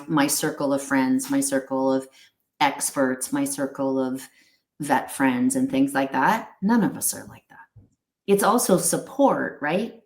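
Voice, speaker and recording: A woman's voice: rumbling low, echoey room. A middle-aged woman speaking earnestly as an interview guest, rambling with restarts and acting out little quotes. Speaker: guest, pet wellness company founder. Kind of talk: candid interview talk.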